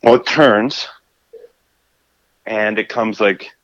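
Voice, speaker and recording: A man telling a fishing story in a casual, animated way, often restarting his sentences. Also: on the low side, takes it slowly, dull audio. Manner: animated, acts out his own shouts and scrambles with restarts.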